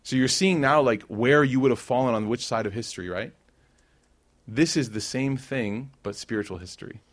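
A man's voice: medium pitch, moderate pace. A young man giving an informal sermon, talking casually with the crowd, then rising to emphatic peaks. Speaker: preacher.

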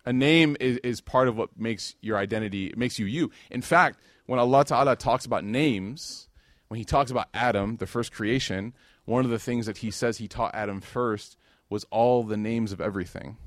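An American religious speaker with a mid-range voice gives a casual, humorous talk at normal speed. He's an animated storyteller who acts out the dialogue, recorded with clean studio sound and no room sound.

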